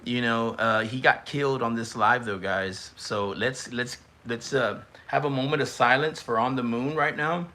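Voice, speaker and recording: A young man hosts a live stream and reacts to roasts in chat. His voice is bright and forward. He talks in a loose, teasing way, and now and then he shouts or stretches a word out for effect. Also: mid-range voice, normal speed, hardly any pauses. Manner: excitable, teasing, shouts and stretches words at big moments. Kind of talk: casual live-stream commentary.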